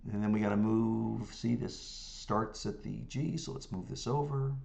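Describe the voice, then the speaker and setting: A man teaching music notation software step by step, humming rhythms as syllables and checking in with the viewer as he works. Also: on the low side, measured pace, creaky. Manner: talks through clicks step by step, hums rhythms as syllables. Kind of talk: screen-recorded software tutorial.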